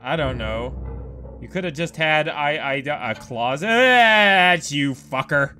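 A man giving let's play commentary on a horror game, excitable and prone to profane outbursts. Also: fairly high pitch, slow pace, clean tone. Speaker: gameplay commentator.

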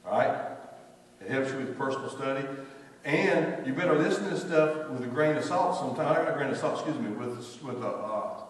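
A man's voice: medium pitch, brisk. A man, preaching an informal, conversational sermon full of storytelling asides in a church. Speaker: pastor. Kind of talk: informal sermon at a weeknight service. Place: church sanctuary. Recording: echoey church hall, mic from far off.

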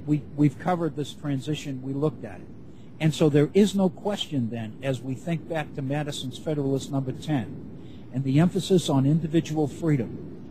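A man giving a classroom lecture, speaking in a measured way and rephrasing his points as he builds them. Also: medium pitch, mellow, a little hiss or hum, low-quality recording.

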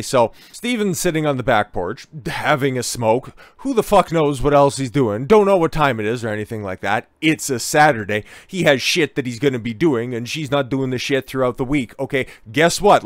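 A man delivers irritated reaction commentary, cursing freely and sounding openly fed up. His voice sits in the middle range. It is recorded close and dry, with no room echo. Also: mid-range voice. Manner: heated, profane ranting. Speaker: online commentator.

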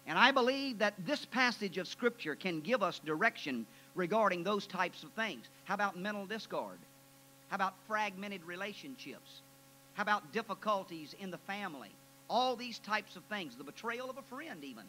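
High-voiced preacher on hissy archive tape. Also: male voice, animated, normal speed. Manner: folksy storytelling that swells into loud emphatic preaching. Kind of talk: sermon. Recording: noisy 1993 archive tape with hum.

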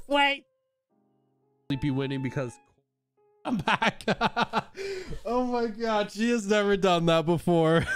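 A man's voice: fairly high pitch, sing-song, unhurried, pauses often, soft background music. A man casually chatting on his live stream while playfully coaxing his dogs through a treat trick, laughing often.

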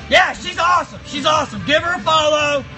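A man voicing a crude, foul-mouthed, grumpy male box monster who hosts a live stream with shouty, mock-outraged rants. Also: very high-pitched, rough recording. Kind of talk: live stream chat in character. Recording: music playing behind the voice.

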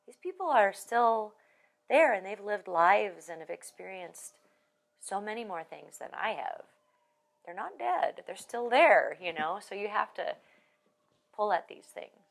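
Joking, gravelly woman musician. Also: medium pitch, measured pace. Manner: lively joking storyteller. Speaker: Irish musician. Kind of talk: oral history interview. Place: archive room.

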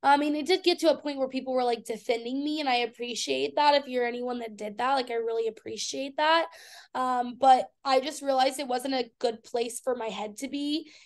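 Young woman guest, high voice, blunt and profane, animated storyteller. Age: 20s. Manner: blunt, swears freely, animated retelling. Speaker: guest, fitness athlete. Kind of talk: candid interview talk.

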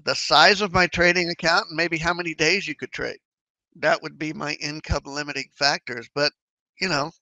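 A man's voice: on the high side, normal speed, no echo, low-quality recording. A man explaining trading in a casual, conversational way, acting out his own worried and hopeful thoughts. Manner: conversational, animated, acts out inner thoughts. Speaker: trading educator.

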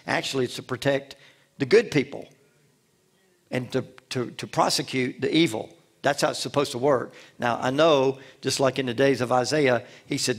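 A man preaching from the pulpit with a gravelly, fry-edged voice at an ordinary middle pitch. He builds his points through repetition and rhetorical questions, pressing each line home. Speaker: pastor. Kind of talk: sermon.

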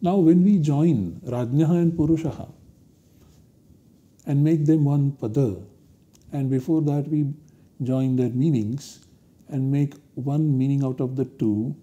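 A man giving a university lecture, explaining step by step in a slow, deliberate way. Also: fairly high pitch, mellow. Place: recorded lecture studio.

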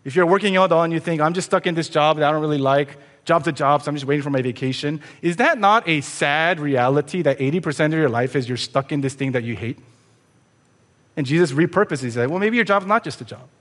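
A man's voice: fairly high pitch, quick pace, fairly bright tone. A man preaching a sermon as pastor, earnest and conversational, asking his listeners pointed rhetorical questions. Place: church sanctuary. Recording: long church reverb.

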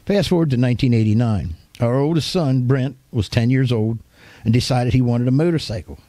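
Older man preaching with a warm, mellow voice. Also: mid-range voice, brisk, no room sound. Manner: folksy, homespun storytelling; vivid, animated retelling. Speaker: pastor. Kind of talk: storytelling sermon.

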